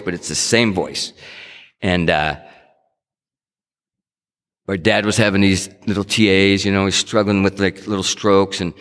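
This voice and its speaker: Deep-voiced middle-aged man telling his story. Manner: conversational storytelling, acts out quotes, frequent restarts. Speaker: speaker sharing his recovery story. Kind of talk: personal testimony talk. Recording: long hall reverb.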